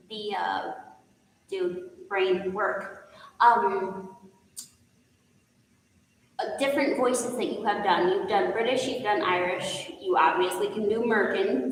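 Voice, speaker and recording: Slow, hesitant woman in an echoey hall. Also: mid-range voice. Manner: hesitant, many fillers, giggly. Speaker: author hosting a Q&A. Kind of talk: casual live Q&A. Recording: very echoey hall with long reverb.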